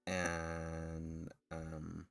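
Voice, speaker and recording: A man's voice: extremely low pitch, monotone, drawn-out words, gravelly, a bit bright. A man streaming and chatting casually with viewers, rambling with frequent laughs, false starts and restarts, a little nervous. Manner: self-consciously nervous.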